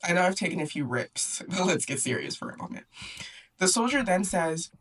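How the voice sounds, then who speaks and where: A woman's voice: on the low side, sing-song, fairly quick, a bit bright, recorded from a distance. A young woman hosting a book club, recapping a story in a chatty, sarcastic way, often laughing and acting out the characters. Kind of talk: casual book recap and commentary.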